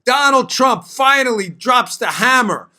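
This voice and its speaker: A male host of a political talk show, talking emphatically with quick asides and repeating his points for stress. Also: very high voice, lively intonation, bright, forceful tone.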